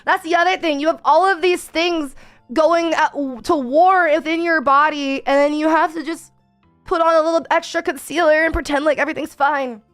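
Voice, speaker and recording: High-voiced candid young woman streamer. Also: moderate pace, soft background music. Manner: candid, chatty and expressive. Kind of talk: casual chat.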